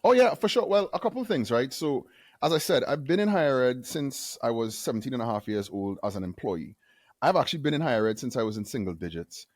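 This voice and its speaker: A man from Trinidad and Tobago, a guest on an interview show, telling a story in a lively way and acting out the quotes. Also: mid-range voice, fast, no room sound, studio quality. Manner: animated storyteller who acts out quotes. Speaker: guest, university AV manager.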